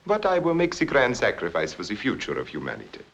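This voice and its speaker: An actor playing a foppish, pompous French marquis envoy with a put-on French accent and florid, theatrical delivery. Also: male voice, fairly low pitch, wildly swooping pitch, fast talker, vocal fry, fairly bright tone, heavily acted. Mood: grandiose. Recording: dull old film soundtrack.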